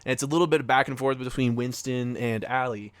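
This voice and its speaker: A young man co-hosts a casual podcast, rambling through a story with plenty of fillers and little acted-out quotes. His voice is mid-pitched and sits in a very dry, close-miked sound with no room around it. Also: fairly even intonation, fast, clear, resonant tone, no echo. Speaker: podcast co-host.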